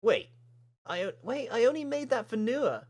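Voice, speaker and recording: A man voicing a sweet, cheerful non-human girl student in a bubbly falsetto. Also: very animated, normal speed, a little mellow, heavily acted. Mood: earnest.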